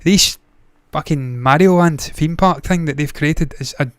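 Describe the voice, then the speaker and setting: Male movie-news host, fairly high voice, smooth and dry; swears freely and rambles off on tangents. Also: unhurried, no room sound. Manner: blunt, profane, rambling with tangents. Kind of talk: casual solo commentary.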